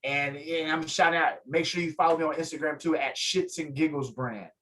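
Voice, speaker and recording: A man, a guest on an interview show, telling a story with lively energy and acting out what others said. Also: fairly quick, low-quality recording. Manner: lively, acts out quotes, swings pitch up in excitement. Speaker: guest, photographer and fighter. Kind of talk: animated storytelling in casual interview.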